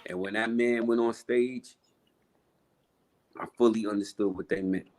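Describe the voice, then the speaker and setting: A man's voice: lowish voice, fairly even intonation, unhurried, darkish tone, poor audio. Emphatic streetwise New man. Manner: emphatic, profane, streetwise slang. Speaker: guest rapper. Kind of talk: casual storytelling interview.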